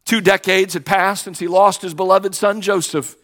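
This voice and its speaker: A man's voice: sits high, fairly even intonation, moderate pace, a bit bright. A middle-aged man preaching a sermon as pastor, telling a personal story in a conversational way and acting out the voices in it. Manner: conversational storytelling, acts out quoted exchanges.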